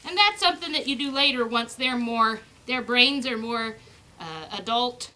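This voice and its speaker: A woman's voice: on the high side, lively intonation, normal speed, bright, forceful tone. A woman breeder chatting casually outdoors about raising puppies, slipping into sing-song baby talk with the pups as she handles them. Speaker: dog breeder. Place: outdoors on a farm.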